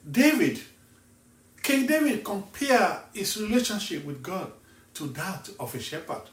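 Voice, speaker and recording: A male evangelist from Nigeria preaching a sermon slowly and emphatically, asking the listener pointed questions. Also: high-pitched, big pitch swings, a bit bright, distant mic. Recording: echoey room, voice set back from the mic.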